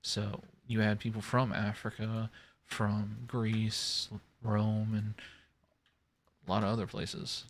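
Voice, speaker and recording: Speaking slowly in a lowish voice with little pitch movement, a man offers casual commentary on a building game, talking himself through every step in a rambling way. There's slight background noise.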